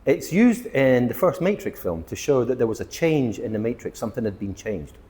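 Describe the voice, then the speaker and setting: A man teaching English vocabulary to camera, excitable, stressing and repeating words as he explains them. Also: mid-range voice, fairly quick, long reverb tail. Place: outdoors near palm trees.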